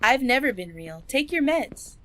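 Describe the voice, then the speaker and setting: A woman's voice: high-pitched, big pitch swings, moderate pace, a bit bright. A young woman streaming a horror game, chatting playfully with her viewers, humming along to the music and breaking into squeals. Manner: playful, hums and sings along, jumps to squeals. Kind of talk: casual live-stream chat. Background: faint game music.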